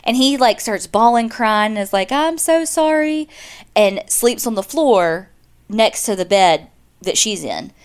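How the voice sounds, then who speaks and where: A woman's voice: mid-range voice, measured pace, clean tone. Lady on a podcast, telling a crime case all chatty, lots of likes. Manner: chatty, lots of "like", acts out quotes. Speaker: podcast co-host. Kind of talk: casual true-crime storytelling.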